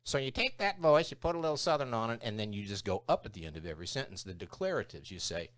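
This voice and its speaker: A man's voice: lowish voice, quick pace, dry recording, clean studio sound. A man in his sixties co-hosting a talk show, telling jokey stories in casual chat. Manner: animated, jokey storyteller who slips into impressions.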